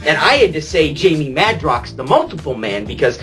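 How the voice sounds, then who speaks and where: A man's voice: a little high, sing-song, fairly quick, fairly bright tone, soft background music, low-quality recording. A man playing a jaded retired superhero, telling crude stories in a rambling confessional monologue full of fillers. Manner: rambling, crude, laughing, heavy "you know" fillers.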